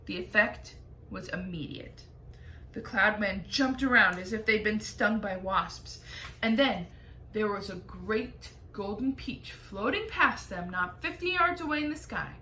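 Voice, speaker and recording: A woman teacher reading a chapter book aloud with lively storytelling. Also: mid-range voice, measured pace. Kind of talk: expressive read-aloud. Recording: echoey room, faint noise.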